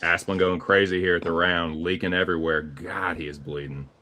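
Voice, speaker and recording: Southern dude doing play by play on a fight stream, deep voice, cusses a lot. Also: male voice, steady tone, bright, forceful tone. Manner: casual, profane, rapid play-by-play calls. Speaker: play-by-play commentator. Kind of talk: live fight commentary.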